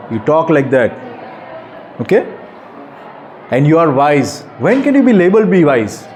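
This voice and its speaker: A man's voice: a little high, very animated, moderate pace, pauses often, darkish tone, slight background noise. A man in his forties with an Indian accent, speaking earnestly to students at a school workshop and often putting questions to them. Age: 40s. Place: school classroom.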